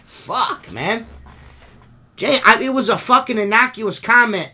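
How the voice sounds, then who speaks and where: A man's voice: very high voice, lively intonation, measured pace, pushed and bright. A man hosting a podcast, ranting in a profane, exasperated way. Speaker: podcast host. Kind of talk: casual podcast rant.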